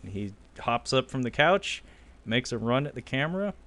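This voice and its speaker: A man's voice: mid-range voice, moderate pace. A man co-hosting a film podcast, retelling a documentary in casual chat and acting out quotes. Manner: animated storyteller, acting out quotes with loud bursts and laughter. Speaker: podcast co-host.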